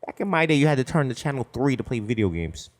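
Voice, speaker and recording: A man from the Bronx with a New York accent, co-hosting a podcast and trading quick joking riffs in casual banter. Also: mid-range voice, very animated. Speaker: podcast co-host. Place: studio.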